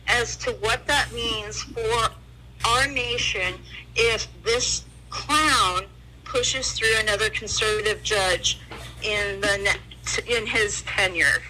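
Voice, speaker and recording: A woman in grief calls in to a casual podcast chat. Her voice is high and bright, and she takes her time. She speaks bluntly and from the heart, swearing freely. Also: slow, slight background noise, low-quality recording. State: grieving. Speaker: guest on the line.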